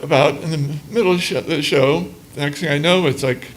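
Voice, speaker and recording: A man's voice: on the high side, brisk. An older man on a panel, a former music booker, telling stories about bands with laughs and acted-out dialogue. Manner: laughing, acts out quoted dialogue. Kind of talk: casual storytelling on a panel. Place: museum talk before a small audience.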